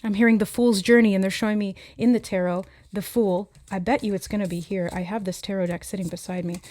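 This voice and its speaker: A woman's voice: mid-range voice, fairly even intonation, a little mellow, dry recording. Woman, tarot reader; reflective, earnest, mid-range voice, dry close recording. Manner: earnest and reflective, pausing to relay messages she hears. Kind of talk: channeled spiritual reading.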